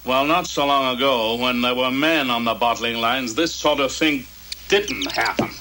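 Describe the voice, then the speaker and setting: An actor playing a reflective brewery worker. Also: male voice, mid-range voice, normal speed, natural voice. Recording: noisy recording.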